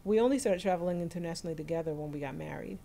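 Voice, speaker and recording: A woman's voice: on the low side, rapid-fire, gravelly, mellow. Woman, 40s, from New York; casual phone livestream host at home, chatty and laughing, faint background hiss. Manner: chatty, laughs often, greets viewers by name.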